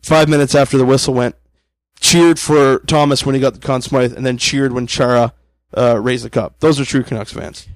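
A man's voice: mid-range voice, fairly even intonation, moderate pace, no echo, poor audio. Man, podcast co-host, opinionated, casual swearing, dry close mic.

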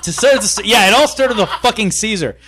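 A man's voice: high voice, lively intonation, fast talker, a bit bright. A man in casual podcast chat, telling a rambling, profane story and acting out the voices in it. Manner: rambling, profane, acts out voices in his stories. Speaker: podcast co-host.

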